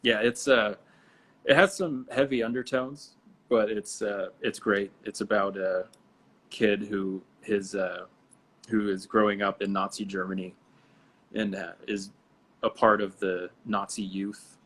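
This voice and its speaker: Guy with a lowish voice just chatting on a live stream, laid back, laughs a lot, faint hiss behind. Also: unhurried. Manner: relaxed, chatty, laughs often. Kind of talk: casual chat. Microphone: live video stream.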